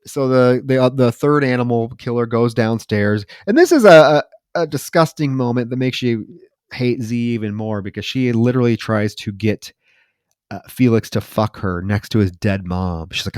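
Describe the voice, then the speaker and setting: A man's voice: mid-range voice, normal speed, smooth, dry recording. A man co-hosting a podcast, casually retelling a horror movie's plot with lots of swearing and quoted lines. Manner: profane, animated retelling with quoted voices. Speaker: podcast co-host.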